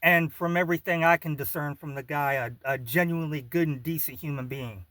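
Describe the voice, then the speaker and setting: A man's voice: a little high, fairly even intonation, pushed and bright, no room sound. Blunt, cussing man signing off casually. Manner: blunt, profane, halting with fillers. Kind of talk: casual chat, video outro.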